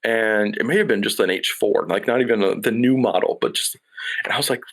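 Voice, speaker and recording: A man in his thirties, a production sound mixer, telling a career story in a casual interview with an animated, anecdotal manner. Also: on the low side, a little fast, vocal fry. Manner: lively anecdotal storyteller, acts out dialogue.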